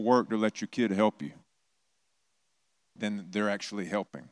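Preaching casually, this middle-aged pastor acts out the voices in his anecdotes and slips in self-deprecating humor. His voice is low with a darkish tone, recorded dry and close to the mic without any room ambience.

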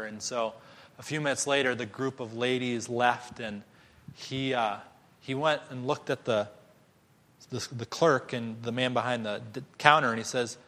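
Bright-voiced preacher telling a story. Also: male voice, mid-range voice. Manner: animated storyteller acting out voices in quotes. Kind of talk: sermon storytelling. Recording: long hall reverb.

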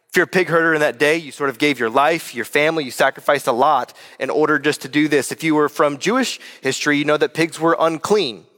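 A young male pastor delivers a sermon with an earnest, direct manner, often turning to address his listeners. His voice sits a little high for a man. It rings out with a long reverb, as in a large sanctuary. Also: a bit bright.

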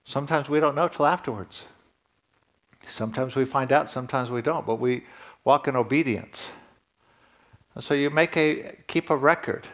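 A man preaching a sermon to his congregation in a conversational way, rising in pitch and emphasis at key points. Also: moderate pace, a bit bright. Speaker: pastor.

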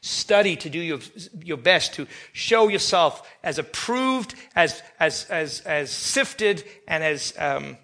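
A man preaching a sermon as pastor, animated, with sudden loud emphatic bursts. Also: on the high side, slow, hardly any pauses.

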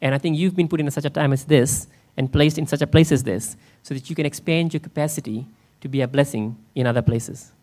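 Man, pastor, church sermon, conversational, fairly high voice, quizzes the congregation. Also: a little fast, few pauses, a little mellow. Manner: conversational, asks the congregation questions.

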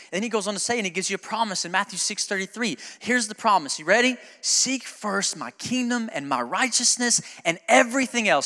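A man's voice: high-pitched, very animated, brisk, bright, forceful tone, big-room sound. A male pastor preaching a sermon in a conversational, joking way that builds to emphatic preaching, recorded in a church sanctuary.

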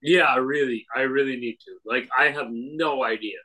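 Bright-voiced man, sarcastic and swearing. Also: mid-range voice, moderate pace, rough recording. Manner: sarcastic, profane, exclamatory. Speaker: podcast co-host. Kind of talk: casual podcast chat.

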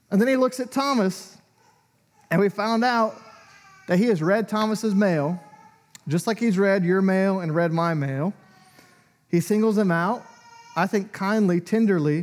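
A man's voice: sits high, unhurried, pauses often. A man preaching a sermon in a conversational way, acting out quoted lines with animation. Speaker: pastor.

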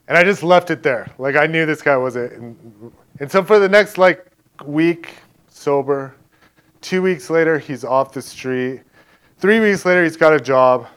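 Here the man's voice sits on the higher side, smooth and a little bright. His faith testimony comes out as relaxed storytelling, peppered with "like" and "right?", as he plays out other people's words in quick exchanges.

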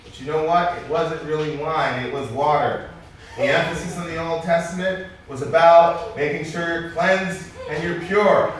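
Man preaching, high voice, joking asides, very echoey, far from the mic. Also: slight background noise. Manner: lively, joking asides to the congregation. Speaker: pastor. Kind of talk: sermon.

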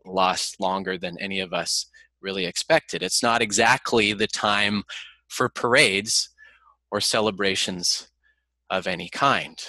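A man leading prayer and preaching an earnest, measured sermon from his computer for an online service. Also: fairly low pitch, pushed and bright, no echo. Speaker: pastor. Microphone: computer mic, online service.

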